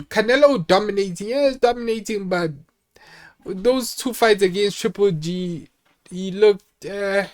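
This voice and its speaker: A young man talks casually on his own channel and rambles from point to point. His voice sits a little high for a man. He restarts his sentences often and fills the gaps with "like". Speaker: channel host. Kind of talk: casual solo talk.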